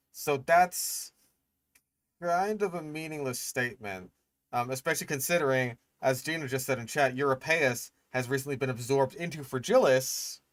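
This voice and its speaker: A male streamer reacts to a video in loose, profane chatter. He sounds exasperated and sarcastic. His voice is mid-pitched and recorded dry and close. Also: dry recording. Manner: exasperated, sarcastic, swears often. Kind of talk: casual profane live-stream commentary.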